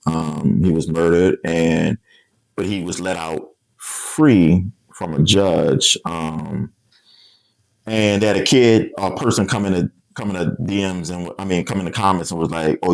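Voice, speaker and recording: A man's voice: low-pitched, fairly even intonation, measured pace, gravelly, darkish tone, no echo, rough recording. A young man, a community organization founder talking earnestly in an interview, often adding "right?" and "man". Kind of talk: casual interview conversation.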